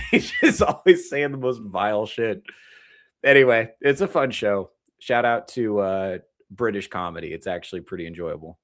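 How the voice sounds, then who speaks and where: A man in his thirties, a comedian, ranting casually to his stream chat, profane and rambling, with animated mock quotes. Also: fairly low pitch, normal speed. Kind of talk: casual rant to a live chat.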